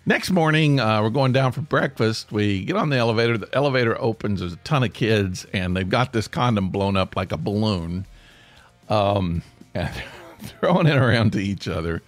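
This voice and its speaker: Lively, animated male podcast storyteller. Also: fairly low pitch, normal speed, dry recording. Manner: animated, self-deprecating, laughs mid-sentence. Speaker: podcast host. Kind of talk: comic storytelling.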